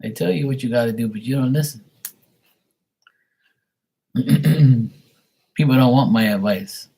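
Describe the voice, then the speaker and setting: A man's voice: mid-range voice, unhurried, creaky, mellow. A man who reads tarot on a live stream, ranting bluntly and profanely to his viewers. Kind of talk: casual rant to viewers.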